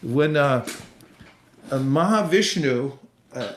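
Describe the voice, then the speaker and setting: A man giving an online devotional lecture and answering live questions, speaking in an unhurried, conversational way with frequent fillers. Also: on the high side, expressive, slight background noise. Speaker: temple speaker. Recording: roomy echoey sound.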